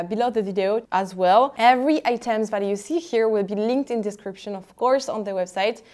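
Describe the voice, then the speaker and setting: A woman in her twenties with a French accent talks straight to camera in a chatty, upbeat way. Her English comes with small fillers and hesitations, at a medium pitch. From France. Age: 20s. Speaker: vlogger selling luxury items. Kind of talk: casual product showcase to camera.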